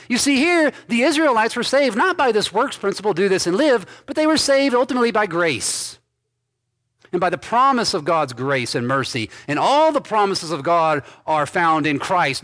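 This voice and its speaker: A man pastor preaching an expository sermon, reading scripture aloud and commenting on it with emphatic stresses and quiet endings. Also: high voice. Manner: emphatic preaching, swinging between loud stresses and dropped soft endings.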